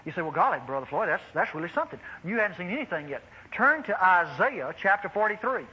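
A man preaching a sermon, animated and exclaiming, addressing the congregation as beloved. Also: high voice, fast, husky, lo-fi sound.

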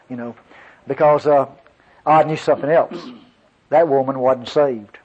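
Animated preacher man, husky. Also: medium pitch, measured pace, pauses often. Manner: folksy, animated preacher addressing congregation. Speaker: pastor. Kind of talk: sermon storytelling. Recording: dull lo-fi sermon recording.

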